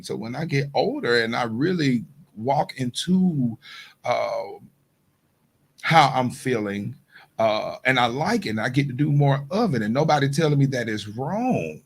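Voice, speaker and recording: Gravelly man in earnest podcast chat. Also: medium pitch, expressive, measured pace. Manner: earnest, repeats phrases while searching for words. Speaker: podcast host. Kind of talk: reflective casual conversation.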